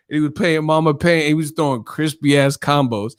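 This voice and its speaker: A man's voice: on the high side, fairly quick, clear, resonant tone. A male channel host in a casual live-stream chat, telling stories animatedly and laughing often.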